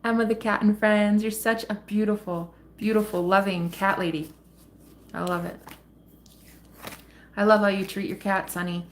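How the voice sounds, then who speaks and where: A woman's voice: medium pitch, steady tone, normal speed, long pauses, slight background noise. A woman chatting on a tarot live stream, reading out viewer comments in a casual, affectionate way, calling viewers sweetheart and honey, laughing often and swearing freely.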